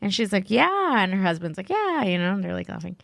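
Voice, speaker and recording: A woman's voice: racing, vocal fry, no room sound, studio quality. A woman guest on a podcast, telling a story in casual chat, full of fillers and acted-out quotes. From Los Angeles. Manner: animated, acts out quotes in a higher voice, many "like" fillers.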